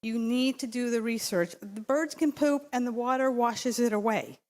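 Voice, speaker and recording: A woman with a fairly high, darkish voice addresses a city council in public comment through a podium microphone, talking at normal speed. Her remarks wander and insist, full of fillers and fresh starts.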